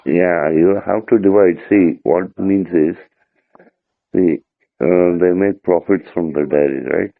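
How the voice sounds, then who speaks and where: A man's voice: low-pitched, slow pace, creaky, no echo. A man, a tutor patiently explaining a term to a student and checking that he follows. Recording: dry, tinny phone-like line.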